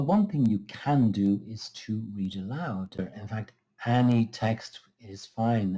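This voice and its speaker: A man teaching English pronunciation, explaining exercises in a slow, careful, measured way. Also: on the low side, warm tone, breathy edge. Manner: slow, careful, measured delivery with small restarts. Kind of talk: scripted lesson explanation.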